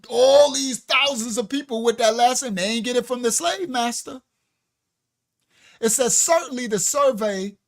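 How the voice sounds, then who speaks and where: Slow, emphatic livestream preacher man. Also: very high-pitched. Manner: emphatic, preachy, reading from books with laughing asides. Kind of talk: livestream teaching.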